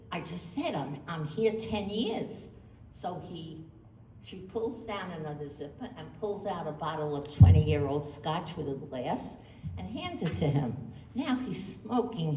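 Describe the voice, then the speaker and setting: A woman's voice: fairly low pitch, dark tone, slight background noise. Distant woman telling jokes in an echoey room. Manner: punchy storytelling, voices raised for punchlines. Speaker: stand-up comedian. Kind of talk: stand-up joke telling.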